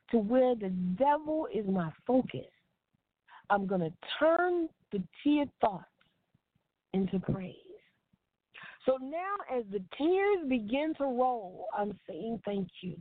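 A woman's voice: fairly high pitch, dry recording. A woman preaching a devotional sermon in an earnest, repeating cadence. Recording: tinny phone-line sound, dry.

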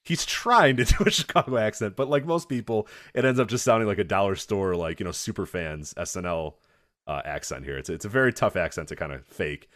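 A man's voice: on the low side, lively intonation, fairly quick, fairly bright tone, no room sound, clean studio sound. A man co-hosting a wrestling podcast, recapping matches in rambling casual chat and laughing often. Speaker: podcast co-host.

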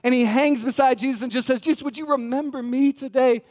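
High-voiced pastor preaching. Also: male voice, fairly even intonation, fast talker, a little mellow. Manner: earnest, emphatic, repeats key words, addresses congregation directly. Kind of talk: sermon. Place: church sanctuary.

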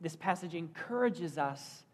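A man's voice: a little high, expressive, unhurried. Earnest male pastor preaching. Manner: earnest, storytelling delivery with rhetorical questions. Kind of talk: sermon.

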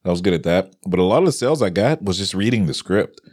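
Low-voiced guy telling stories, swears a lot, laughs a lot, dry close mic. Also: expressive, quick pace, a little mellow, breathy edge, dry recording. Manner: laughs often, swears freely, acts out quotes. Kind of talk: casual chat, storytelling.

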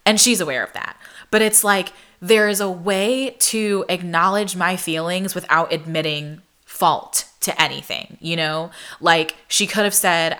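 A woman's voice: on the low side, measured pace, clean tone. A young adult woman vlogger telling a personal story in a chatty, casual monologue, often using "like". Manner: chatty, frequent "like", animated retelling.

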